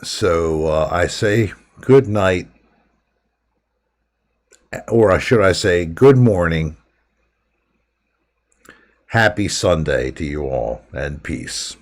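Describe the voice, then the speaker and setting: A man's voice: sits low, lively intonation, extremely slow, long pauses. A man hosting a live stream, chatting casually and rambling from topic to topic with his viewers.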